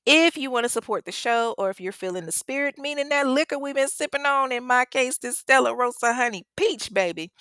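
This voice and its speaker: A woman's voice: mid-range voice, a bit bright, no room sound, studio quality. A young woman hosting her podcast, reading listener reviews in a chatty, slangy way with laughing asides. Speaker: podcast host.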